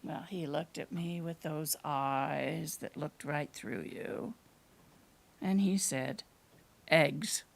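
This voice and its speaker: A woman with a deep, creaky voice tells a story live to an audience in a small performance space. Her humor is dry and deadpan, and she lets her pauses stretch out.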